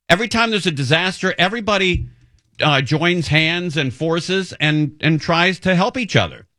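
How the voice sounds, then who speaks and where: A middle-aged man hosting a talk radio show, telling a rambling, self-deprecating story in an animated way. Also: fairly high pitch, dry recording, studio quality. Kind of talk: casual monologue storytelling. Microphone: studio microphone.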